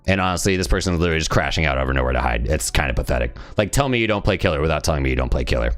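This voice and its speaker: Brief: a profane, sneering male livestreamer with a low voice. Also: lively intonation, very fast. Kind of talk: live game stream rant.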